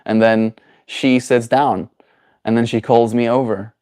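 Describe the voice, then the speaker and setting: A man's voice: mid-range voice, steady tone, measured pace, a little mellow. A man chatting casually on his daily livestream, rambling and playful as he answers his chat. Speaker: daily streamer.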